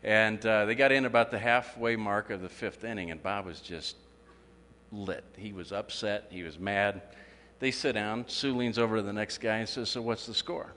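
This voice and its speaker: A man's voice: fairly low pitch, fairly even intonation, normal speed, pushed and bright. A man giving a humorous speech at a club meeting, telling jokes and acting out quotes. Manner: joke-telling with acted quotes. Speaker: club speaker. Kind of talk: humorous after-dinner speech. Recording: echoey hall, faint ambience.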